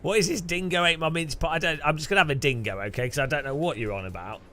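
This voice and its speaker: A man with a fairly high, bright, forceful voice talks rapid-fire over soft background music. He's a streamer hosting a casual livestream while racing, reading viewer donations aloud and reacting with bemused, laughing chatter. He's chatty, laughs often, and swears.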